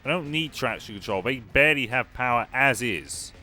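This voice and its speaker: This young man's mid-range voice has a sharp tone and lively intonation at a moderate pace. A gaming YouTuber, he gives chatty, wry commentary on a racing game and answers his live chat while game music and car engines play in the background.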